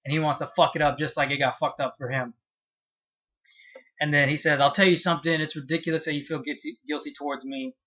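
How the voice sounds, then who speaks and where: The highs are cut off in this clip of a man with a slightly high voice casually reviewing a comic chapter. As a manga reviewer, he swears freely and dramatizes his reactions while he retells it.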